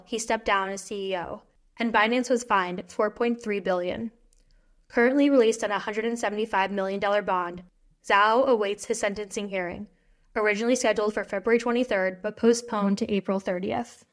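Female news reader, scripted, steady even delivery, mid-range voice. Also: mid-range voice.

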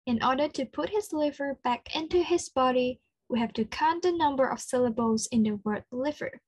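A woman with an Australian accent leading an interactive children's lesson, slow and encouraging, full of praise. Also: sits high, a little mellow, breathy edge, dry recording. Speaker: children's speech clinic presenter.

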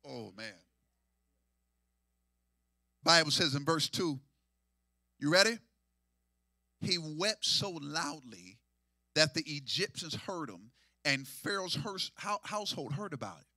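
Bright high-pitched preaching man, dry. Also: sing-song, unhurried, pauses often, no room sound. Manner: call-and-response preaching, swinging from hushed to near-sung shouts. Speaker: pastor. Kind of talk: sermon.

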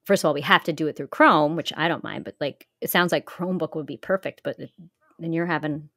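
A woman's voice: low voice, fast talker, fairly bright tone, no echo, studio quality. A middle-aged woman co-hosting a podcast, chatting and recapping a TV episode, laughing often and acting out voices when she quotes people. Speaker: podcast co-host. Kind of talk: casual chat recapping a TV episode.

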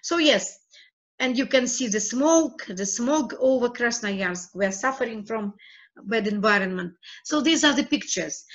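Slow, halting woman. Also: on the high side, lo-fi sound. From Russia. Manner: slow, halting, repeats her words as she clicks through steps. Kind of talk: screencast tutorial.

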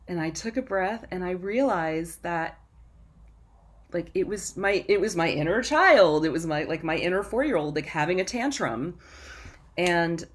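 A woman guest on a podcast, telling her story in a rambling, self-interrupting way and laughing often. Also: lowish voice. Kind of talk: casual interview chat.

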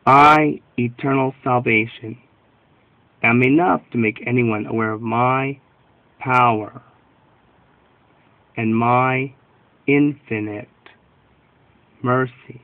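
A man reading the words of Jesus as a gentle, loving divine speaker in a solemn, measured devotional reading. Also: mid-range voice, fairly even intonation, no room sound, narrow, tinny audio.

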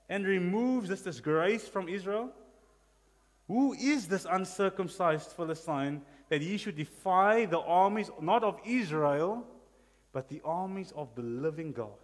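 A man playing the young shepherd David, asking urgent, excited questions in a sermon. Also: extremely high pitch, quick pace, few pauses, husky, pitched above the performer's own voice, exaggerated voice. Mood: eager. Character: eager bold young shepherd David, male. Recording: long reverb of a church hall.

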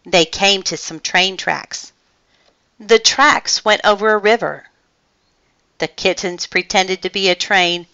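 A woman reading a children's picture book aloud with expressive storytelling. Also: mid-range voice, slow pace, smooth, no room sound, highs cut off.

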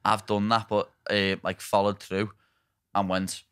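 A man's voice: fairly low pitch, flat delivery, measured pace, fairly bright tone, smooth, dry recording, studio quality. A man with a Liverpool accent hosting a casual podcast chat, blunt and sweary, calling everyone lad. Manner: blunt, swears freely, calls people lad. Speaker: podcast host. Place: podcast studio.

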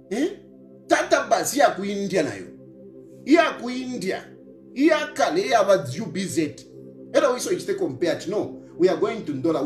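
Animated Zambian man lecturing in an echoey room. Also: sits high. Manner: lecturing, repeats phrases, mixes local words into English. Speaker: opposition politician. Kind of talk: scolding commentary monologue. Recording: roomy echo with faint music.

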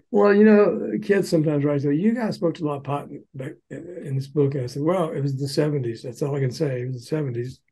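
An older man, a former record promoter, telling animated anecdotes in a podcast interview and acting out the quotes. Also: on the high side, a little fast, breathy edge, low-quality recording.

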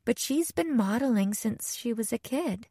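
A woman's voice: fairly high pitch, lively intonation, normal speed, mellow, breathy edge, no echo, clean studio sound, voice pushed up. A woman doing a weary, anxious young bride. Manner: tired, hesitant.

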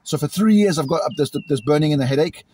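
A British man venting angrily in a vlog, repeating himself and imitating loud bangs, recorded outdoors. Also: on the high side, fast talker, slightly rough. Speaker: vlogger. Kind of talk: agitated monologue to camera. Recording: outdoors in a cemetery.

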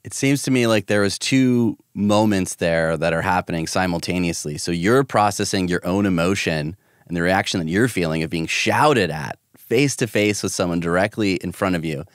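Thoughtful male host, very deep, dry studio sound. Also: normal speed, no room sound. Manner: thoughtful, sums up the guest's point. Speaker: podcast host. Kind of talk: reflective interview question.

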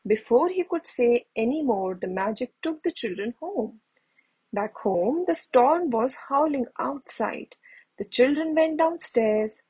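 Slow, breathy woman reading a storybook. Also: on the high side, lively intonation, a little mellow, rough recording. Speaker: storybook reader. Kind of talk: bedtime story read-aloud.

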